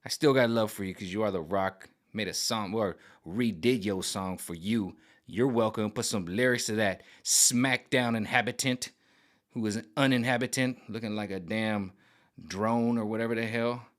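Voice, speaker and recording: A man ranting to camera in an animated, mocking, rambling monologue. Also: on the low side, moderate pace. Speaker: vlogger. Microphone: camera on gimbal.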